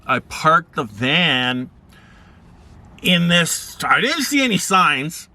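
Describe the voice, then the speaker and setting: Laid-back male vlogger rambling through anecdotes, bright tone. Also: very animated, takes it slowly. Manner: rambling, laid-back, acts out quoted people in higher voices. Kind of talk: casual storytelling.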